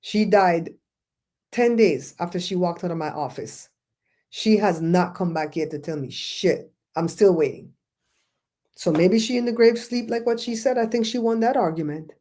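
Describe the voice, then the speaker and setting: A woman's voice: on the low side, moderate pace, dark tone. A middle-aged woman hosting a casual talk show, ranting bluntly and telling stories with mocking quoted voices. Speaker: host.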